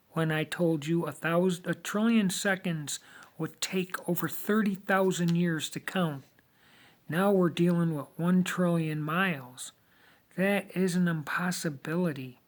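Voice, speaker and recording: A man delivering a lecturing monologue, emphatic and deliberate, with many rhetorical questions. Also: on the high side. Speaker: video monologue host.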